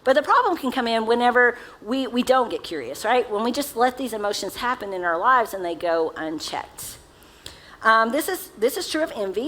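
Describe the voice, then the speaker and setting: A woman's voice: a little high, fairly bright tone, poor audio. A woman pastor delivering a casual, conversational sermon, often laughing at herself as she talks to the congregation. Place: church sanctuary.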